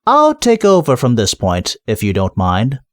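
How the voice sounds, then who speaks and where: A man voicing an earnest, polite young male watch captain who speaks gently. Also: medium pitch, huge pitch swings, a little slow, no echo, studio quality. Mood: courteous. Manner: gentle, courteous.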